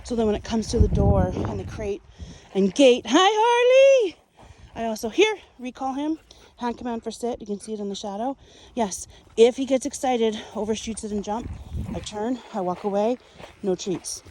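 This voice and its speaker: A woman dog trainer explaining a training session outdoors, switching between calm explanation and high, cheerful commands to the dogs. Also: moderate pace, slight background noise, low-quality recording. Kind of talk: casual training demonstration.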